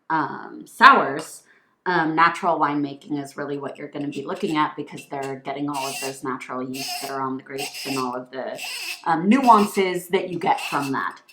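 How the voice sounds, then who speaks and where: A woman's voice: deep voice, a bit bright. A woman co-hosting a casual wine-tasting chat, explaining wine regions and winemakers in an informative way. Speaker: co-host, wine shop worker. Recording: echoey room.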